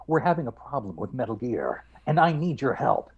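A man voicing a gruff middle-aged soldier on a mission, with a terse and commanding growl. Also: medium pitch, very animated, fairly quick, phone-quality sound. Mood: urgent.

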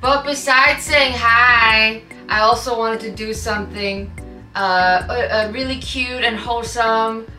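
A woman's voice: fairly high pitch, steady tone, measured pace, sharp tone, echoey room, faint music behind. A young woman vlogging casually as she unboxes gifts, playful, with squeals and giggles. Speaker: YouTuber.

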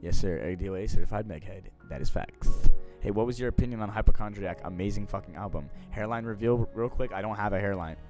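A young man streaming live, casually answering viewer questions in slangy, profane talk that swings between mumbled asides and loud bursts. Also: lowish voice, quick pace, few pauses, faint music behind.

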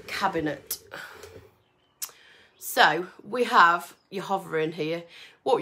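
A woman's voice: mid-range voice, fairly bright tone. A woman chatting casually to viewers while she paints furniture, rambling and friendly. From English Midlands, near Birmingham.

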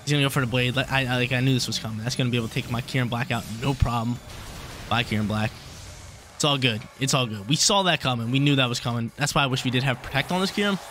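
A man talks through his own online battle at a quick clip, excitable and slangy, often saying a line twice. His voice sits at an everyday pitch, and a faint music track plays underneath. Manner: excitable, repeats himself, slangy. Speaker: game commentator. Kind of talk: casual play-by-play of an online battle.

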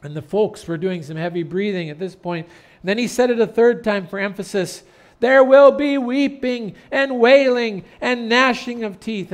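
A man pastor preaching an earnest sermon in a church, turning loud and dramatic when telling a story. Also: high-pitched. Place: church sanctuary.

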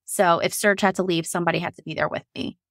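A woman's voice: on the low side, fairly even intonation, fast talker, gravelly, fairly bright tone, no echo, clean studio sound. A woman guest frankly telling a painful personal story, emotional and laughing through hard moments. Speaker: guest sharing her birth story.

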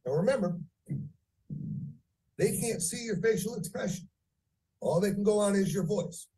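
A man teaching phone sales, speaking deliberately and varying pitch and pace for effect. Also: mellow, distant mic, a little hiss or hum, poor audio. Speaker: sales trainer. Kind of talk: training lecture.

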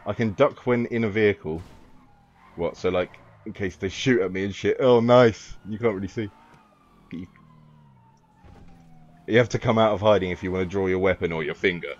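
Low-voiced man joking through a game. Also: normal speed, pauses often. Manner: rambling, joking, swears freely. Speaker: gaming YouTuber. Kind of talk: casual let's-play commentary. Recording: dull lo-fi with faint hiss.

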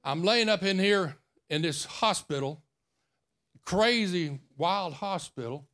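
A man's voice: sits high, lively intonation, takes it slowly, a bit bright. A man preaching a sermon, telling a personal story in a folksy, intimate way. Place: church.

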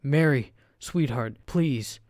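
A man narrating a story and putting on a grieving, furious old man in his seventies who shouts and sobs. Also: medium pitch, little pitch movement, normal speed, no echo, clean studio sound, close to an everyday voice. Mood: anguished. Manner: shouting, sobbing accusations.

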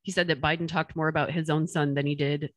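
Podcast co-host, woman, blunt and bright, swears freely. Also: deep voice, level tone, no room sound. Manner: blunt and profane, quick reactions. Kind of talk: casual podcast chat.

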